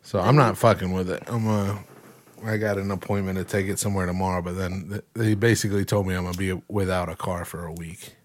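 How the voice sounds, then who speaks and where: A man chatting casually with friends, a relaxed storyteller who swears freely. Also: sits low, fast. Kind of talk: casual chat.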